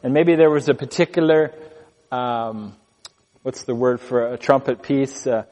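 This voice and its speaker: A man preaching an expository sermon, reading scripture slowly and stressing key words with deliberate pauses. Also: mid-range voice, a little mellow, big-room sound. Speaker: pastor.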